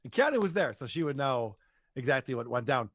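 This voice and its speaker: A man's voice: medium pitch, big pitch swings, a little fast, no room sound, studio quality. A man in a played podcast clip, arguing in a dismissive way. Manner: dismissive, argumentative.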